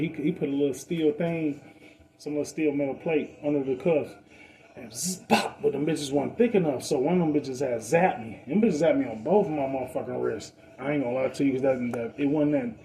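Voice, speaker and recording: Man, mellow voice, fairly high for a man, casual profane storytelling. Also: poor audio. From Detroit. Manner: animated, acts out other people's voices in a higher pitch; profane street slang. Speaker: podcast storyteller.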